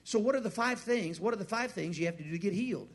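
A man preaching a sermon, asking the crowd questions, repeating his words and swinging from hushed to loud. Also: high voice, animated, fast talker. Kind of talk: sermon with a personal story.

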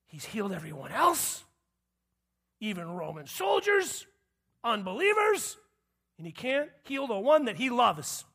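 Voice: medium pitch, a bit bright, breathy edge, exaggerated voice. A preacher acting out a grieving woman who feels let down and resentful, her complaints growing more indignant. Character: grieving resentful woman, bitter at a late friend.

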